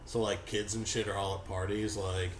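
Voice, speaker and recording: A man's voice: lowish voice, level tone, normal speed, a loud crowd. A young man hosting a casual podcast chat, laid-back and swearing freely, slipping into goofy voices. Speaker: podcast host. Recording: echoey room, faint hum.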